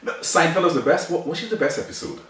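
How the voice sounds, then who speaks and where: Older man, lively, echoey. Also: fairly high pitch, fast. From Trinidad. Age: 60s. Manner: emphatic, rhetorical questions, laughs often. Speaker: podcast co-host. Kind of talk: casual chat. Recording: very echoey room, mic at a distance.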